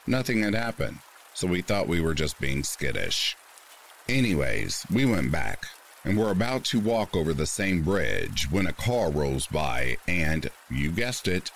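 Deep-voiced male narrator with an expressive, shifting pitch; deliberate scripted horror reading over soft rain. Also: a little hiss or hum. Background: faint rain.

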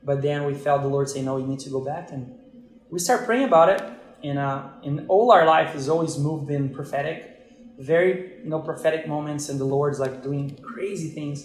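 A man's voice: on the high side, quick pace. A man from Brazil with a Brazilian accent, a podcast guest telling his story in a rambling way, with many restarts, and acting out the dialogue. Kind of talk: casual storytelling. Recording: roomy sound with faint music.

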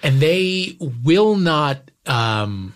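Calm man hosting an interview. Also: fairly high pitch, drawn-out words. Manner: calm interviewer, short backchannels and probing questions. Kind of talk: casual interview chat.

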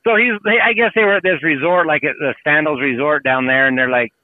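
A man's voice: fairly high pitch, fast, dry recording. A man telling rambling travel stories in casual chat, swearing freely and acting out what people said. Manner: rambling storyteller, swears freely, acts out quotes. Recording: tinny phone-like sound.

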